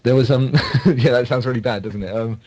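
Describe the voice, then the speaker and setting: A man's voice: medium pitch, a little fast, dull audio, crowd noise. A young man, a podcast co-host, telling stories in a rambling casual way with many fillers and restarts. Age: young adult. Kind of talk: casual chat.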